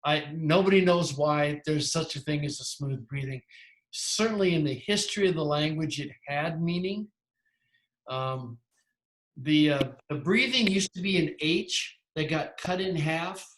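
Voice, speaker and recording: A man's voice: on the high side, measured pace, fairly bright tone. Man teaching in an echoey room. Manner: rambling, self-correcting explanations. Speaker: Greek teacher. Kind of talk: lecturing in a class.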